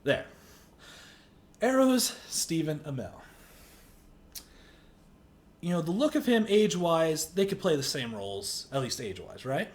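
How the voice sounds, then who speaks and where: A man ranting indignantly in a movie review video, exaggerated, and shouting at times. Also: a little high, very animated, measured pace, pauses often.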